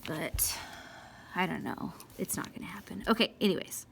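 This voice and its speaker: Slight background noise sits under a woman's low, vocal-fry voice, fairly bright in tone and moderately paced. Teaching math step by step on a recording, she chides herself for mistakes, addresses the equations, and sighs or whispers in frustration.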